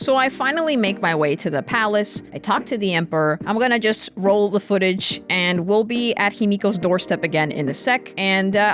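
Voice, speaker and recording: A woman's voice: medium pitch, animated, brisk, hardly any pauses, a bit bright. A young adult woman giving casual, playful gameplay commentary, gushing over the game and laughing often. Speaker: let's play gamer. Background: faint game music.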